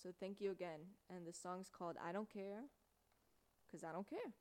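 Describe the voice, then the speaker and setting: A woman's voice: lowish voice, moderate pace, a little mellow. A young woman from the United States, hosting a radio show and talking casually, rambling with lots of filler words. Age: young adult. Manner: chatty, rambling, lots of "like" and "you know".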